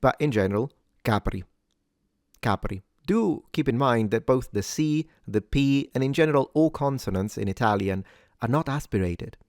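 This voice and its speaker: A man's voice: medium pitch, animated, darkish tone, no echo. Man teaching pronunciation in a dry, close voice. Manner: slow, careful repetition of sounds. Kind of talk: pronunciation lesson.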